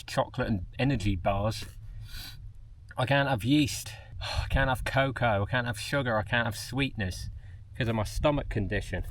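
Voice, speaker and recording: A man, chatting casually to the camera while hiking outdoors on a mountain trail. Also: medium pitch. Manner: chatty, rambling, talks to animals and camera. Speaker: vlogger.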